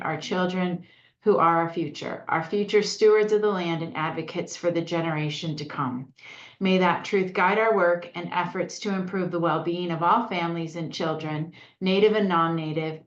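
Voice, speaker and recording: Chairing a county task force meeting, a woman with a lowish voice opens proceedings at a normal speed, sounding chatty, upbeat and self-deprecating. The echoey, lo-fi audio comes from a meeting room.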